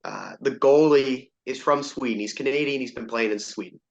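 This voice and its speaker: A man's voice: mid-range voice, moderate pace. Male podcast host, easygoing and rambling, muffled lo-fi recording. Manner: laid-back, rambling, self-deprecating. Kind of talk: casual podcast chat. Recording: dull lo-fi sound.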